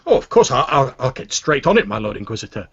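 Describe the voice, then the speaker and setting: A man's voice: mid-range voice, sing-song, fast, creaky, breathy edge, no echo, pitched above the performer's own voice, exaggerated voice. Man doing a stammering, eager imperial technician. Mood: flustered. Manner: stammering, deferential. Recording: dull lo-fi sound.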